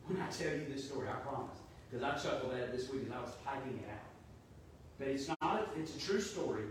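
A man's voice: medium pitch, heavy reverb, distant mic, a little hiss or hum, poor audio. A man preaching a sermon in a conversational, storytelling way. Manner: conversational, storytelling, animated when quoting. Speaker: pastor.

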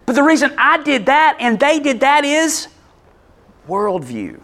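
A man preaching a sermon, telling a story with animated delivery and loudly acting out quotes. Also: very high voice, unhurried. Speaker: pastor.

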